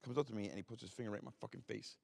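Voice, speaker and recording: A man's voice: lowish voice, vocal fry, a little mellow, slightly rough. A man in his forties with an East Coast accent, telling blunt, heavily profane stories as a guest speaker. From Philadelphia. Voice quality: blunt, heavily profane, rapid street talk. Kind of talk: storytelling talk. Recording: reverberant hall.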